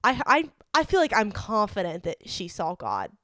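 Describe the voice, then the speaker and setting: Young woman, podcast co-host, chatty and earnest, mid-pitched, dry close sound. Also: huge pitch swings, normal speed, bright, forceful tone, dry recording. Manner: chatty, many "like" fillers, earnest. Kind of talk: casual storytelling chat.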